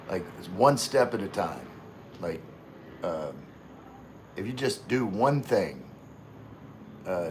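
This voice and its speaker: Man, lower pitch, livestream host, halting and filler-heavy, relaxed viewer chat. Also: slight background noise. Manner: halting, full of fillers and restarts. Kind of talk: casual live chat with viewers.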